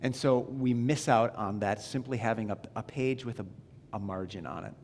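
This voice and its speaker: A man's voice: fairly low pitch, normal speed, a little mellow, slight background noise. A man preaching a sermon as a pastor in a church, talking in a conversational, self-deprecating way with restarts and asides to the congregation. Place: church sanctuary.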